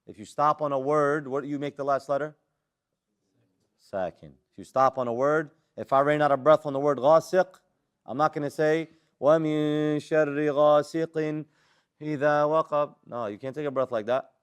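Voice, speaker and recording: A man with an American accent teaching Quran recitation rules, drilling students with questions and recited Arabic letters. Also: mid-range voice. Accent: American English. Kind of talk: live classroom lesson.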